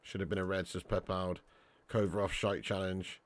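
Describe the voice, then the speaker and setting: A man's voice: deep voice, little pitch movement, moderate pace. Chatty man streaming a watch-along. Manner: chatty and banter-filled, calls viewers lad and mate. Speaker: live-stream host reading chat. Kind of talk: casual live watch-along chat.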